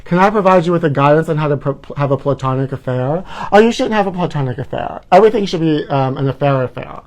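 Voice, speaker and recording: A man's voice: a little high, fast talker, a little mellow. A man hosting a campy celebrity gossip livestream, calling everyone honey and laughing at his own jokes. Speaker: host.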